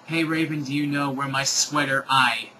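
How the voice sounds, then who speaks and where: A man's voice: medium pitch, steady tone, normal speed, sharp tone, a little hiss or hum, rough recording. A man reading out author's notes in the voice of a bratty, gushing teenage girl writer.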